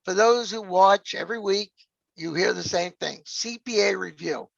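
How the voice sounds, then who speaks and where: A man's voice: high voice, moderate pace, vocal fry, no echo. A man, hosting a podcast in a chatty, joking way. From New York area. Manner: chatty, jokey, peppers lines with "all right?". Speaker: podcast host. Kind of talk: casual podcast chat. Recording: dull, dry lo-fi sound.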